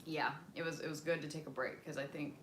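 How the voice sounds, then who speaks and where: Low-pitched and steady, with a bit of brightness, this young American woman is a fast talker chatting casually with her livestream viewers. Fillers abound as she drifts between topics and languages. There's a little hiss or hum.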